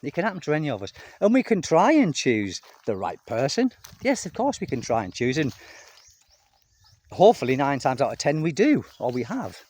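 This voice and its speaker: Middle-aged expat man, chatty monologue outdoors, very lively pitch. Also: normal speed. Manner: chatty, rambling, addresses viewers as people. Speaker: expat vlogger. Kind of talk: casual talk to camera. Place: outdoors in a home garden.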